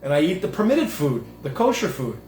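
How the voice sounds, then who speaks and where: A man giving a rambling religious monologue, emphatic and full of restarts. His voice sits fairly high. The room is echoey, with a faint background hiss. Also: very animated, a little fast, darkish tone. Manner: emphatic, digressive, many restarts and fillers. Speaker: host and self-styled rabbi.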